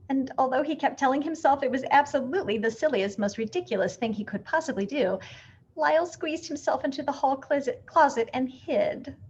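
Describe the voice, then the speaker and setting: A woman reading a picture book aloud with expressive, animated storytelling. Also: high-pitched, dull audio.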